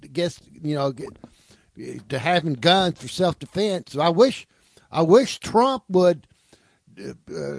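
A man's voice: sits high, gravelly, dry recording, clean studio sound. A man co-hosting a talk show, commenting hesitantly. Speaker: co-host.

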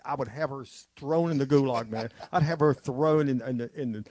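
A man's voice: medium pitch, brisk, a little mellow, no echo. Man, talk show host, agitated, rambling, dry close sound. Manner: agitated, rambling, repeats himself. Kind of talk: heated talk show ranting.

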